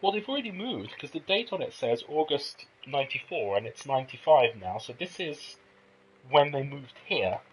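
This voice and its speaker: A man's voice: medium pitch, lively intonation, normal speed, slight background noise, low-quality recording. A man casually commenting while he plays and streams a game, thinking aloud and reacting as he explores. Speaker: let's play streamer.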